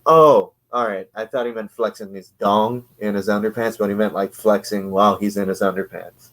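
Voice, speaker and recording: A man's voice: fairly low pitch, fairly even intonation, moderate pace, fairly bright tone. A man casually reviewing an old comic book, sarcastic and rambling, laughing often.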